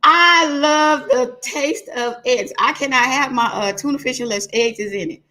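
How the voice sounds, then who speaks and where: A woman hosting a laid-back talk show, animated and full of jokes, laughing often as she goes. Her voice sits high. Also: moderate pace. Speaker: host. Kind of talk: casual chat.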